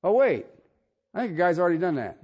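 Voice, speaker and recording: Man, middle-aged pastor, preaching, animated, soft asides to shouting. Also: high voice, fast, breathy edge, dull audio. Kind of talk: sermon.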